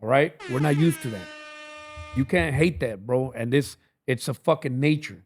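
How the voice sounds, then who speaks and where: A man's voice: medium pitch, moderate pace, a little mellow, a little hiss or hum. A man from Los Angeles, a record label founder, talking as a guest in a casual podcast chat with slangy, emphatic street talk and lots of swearing.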